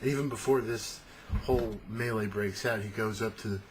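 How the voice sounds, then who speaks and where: A man with a lowish voice rambles through a casual monologue about tabletop gaming. He swears freely and is animated. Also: moderate pace, husky. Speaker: tabletop game talker.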